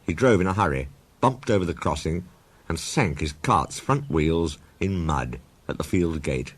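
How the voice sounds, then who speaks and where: Lively low-voiced male storyteller. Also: measured pace, breathy edge. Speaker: narrator. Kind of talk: storybook reading. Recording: steady background noise.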